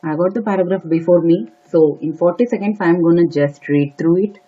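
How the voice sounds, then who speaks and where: An exam prep tutor giving earnest step-by-step advice, with frequent filler pauses. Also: medium pitch, dark tone, slightly rough. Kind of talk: instructional talk to camera. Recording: dull lo-fi recording.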